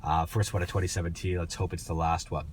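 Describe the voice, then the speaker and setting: Low-voiced guy with a cold, all nasal, rambling car review with lots of ums. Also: level tone, fast, a little hiss or hum. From Canada. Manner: rambling, many fillers and restarts.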